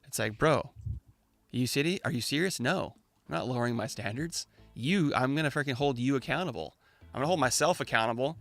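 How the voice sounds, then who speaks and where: A man's voice: mid-range voice, animated, a little fast, vocal fry, a bit bright, no room sound. A man hosting a casual, opinionated chat, ranting in slang and mocking the voices of the people he quotes. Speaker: crypto channel host.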